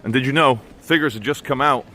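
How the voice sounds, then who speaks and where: A man's voice: medium pitch, fairly quick, bright, forceful tone, slight background noise. A man giving blunt, sarcastic commentary in a vlog while walking outdoors through town streets. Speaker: vlogger.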